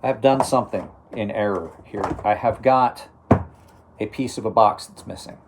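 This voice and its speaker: A middle-aged man hosts a knife review channel, chatting casually on a live stream in a lowish voice at normal speed over a noisy background. He rambles, keeps restarting his sentences, and chuckles to himself.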